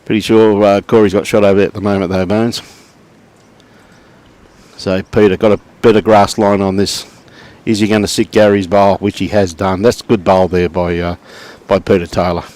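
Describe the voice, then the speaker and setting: A man's voice: lowish voice, moderate pace. Laid-back Australian man calling bowls. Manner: relaxed, chatty, greets viewers by name. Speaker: lawn bowls commentator. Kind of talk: live sports commentary and chat to viewers.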